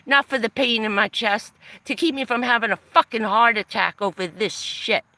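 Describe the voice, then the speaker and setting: A high-voiced woman rants angrily on a phone live stream from her van, cursing constantly and aggravated. Her voice is bright and pressed, with a gravelly rasp at the edges. The sound is close and dry, with no room around it. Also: normal speed, dry recording. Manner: heavy swearing, furious and aggrieved. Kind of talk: angry live-stream rant.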